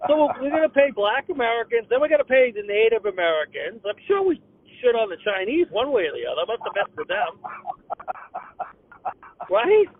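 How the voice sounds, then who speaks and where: An older man rants in a high, lively voice, tripping over repeated words as he pushes on. He comes through a tinny, dry phone line. His pitch swings widely between lines. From Boston area. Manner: fast ranting with stammered restarts. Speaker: comedian guest. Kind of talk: ranting comedic phone chat.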